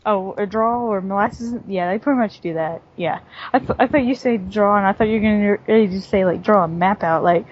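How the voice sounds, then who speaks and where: A woman's voice: mid-range voice, a little fast, slight background noise. A woman from the southern United States, a podcast guest in casual chat who rambles and laughs often. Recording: dull lo-fi audio.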